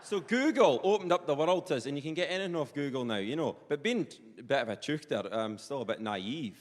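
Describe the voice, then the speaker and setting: A man's voice: mid-range voice, animated, fast talker. A man with a Perthshire Scottish accent doing live stand-up comedy, chatty and rambling with lots of colloquial asides. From Scotland. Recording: live stage with long hall reverb.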